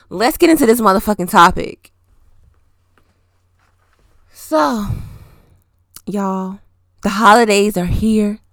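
A woman hosting a casual podcast, ranting in a loose, profane, chatty way, her voice jumping up in pitch when she gets worked up. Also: no room sound, clean studio sound. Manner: profane, animated ranting with rising emphasis; loose, chatty slang with many fillers. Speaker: podcast host.

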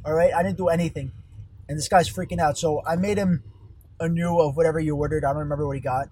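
A man's voice: on the high side, steady tone, fast talker, mellow, breathy edge, low-quality recording. Profane young man ranting from his car. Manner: profane, exasperated, rambling. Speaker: fast-food worker. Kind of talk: profane storytime rant. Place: car on a highway. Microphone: phone. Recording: faint road noise in a car. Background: vehicle noise.

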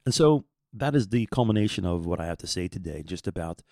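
A man's voice: low-pitched, lively intonation, fairly quick, a little mellow, no room sound, clean studio sound. A man in his fifties telling a personal faith story in an earnest, rambling way, often repeating words as he searches for them. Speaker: podcast host.

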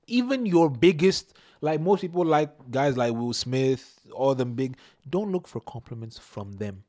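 A young man hosting a casual podcast chat, giving emphatic advice with lively bursts. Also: mid-range voice, a little slow. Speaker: podcast host.

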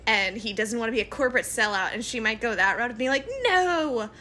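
A woman's voice: fairly high pitch, fast, pushed and bright, a little hiss or hum. A woman chatting playfully and jokingly about a film with friends. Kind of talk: casual film discussion.

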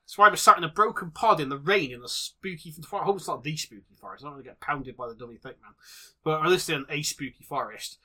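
A man hosting an improvised comedy podcast, playful and jokey with bursts of loud excitement. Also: on the high side, fast talker. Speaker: podcast host.

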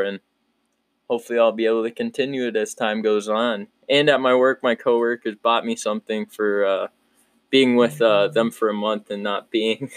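Laid-back young man, low dry voice. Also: clean tone, no room sound. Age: 20s. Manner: rambling, upbeat, with frequent restarts and laughs. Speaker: podcast host. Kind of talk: casual solo podcast chat.

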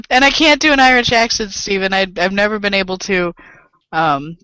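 A woman's voice: mid-range voice, pushed and bright, clear, resonant tone, no room sound, rough recording. A woman co-hosting a casual podcast, rambling, swearing freely and laughing often on a home microphone. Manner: rambling, profane and quick to laugh. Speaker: podcast co-host. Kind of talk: casual chat.

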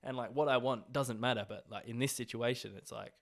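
A man's voice: mid-range voice, fairly even intonation, brisk, vocal fry, fairly bright tone. A young Australian man hosting a casual solo podcast, rambling and swearing, full of fillers, coughing a little as he gets over an illness. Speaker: podcast host.

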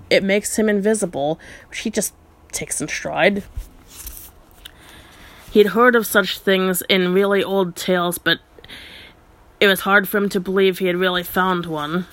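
Low-voiced woman retelling a story. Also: fairly bright tone. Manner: chatty, many ums and asides. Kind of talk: casual story retelling with commentary.

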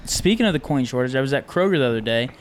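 Fast-talking young man with dry quips. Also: medium pitch, expressive. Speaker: podcast co-host. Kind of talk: casual podcast banter.

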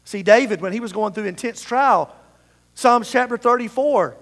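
High-voiced preacher in a reverberant hall. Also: male voice, normal speed, a bit bright. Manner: leads the congregation in call-and-response scripture reading. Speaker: pastor. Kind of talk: sermon. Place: church sanctuary. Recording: long reverb of a large hall.

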